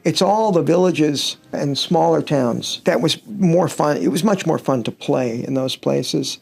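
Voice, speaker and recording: A man's voice: fairly high pitch, unhurried, vocal fry, husky. A middle-aged man, a touring guitarist, chatting casually in an interview and telling rambling stories with wry humor. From United States.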